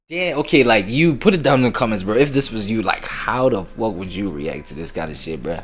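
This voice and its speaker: A man's voice: sits low, quick pace, few pauses, faint music behind. A man hosting a reaction video, rambling in casual slang with lots of fillers.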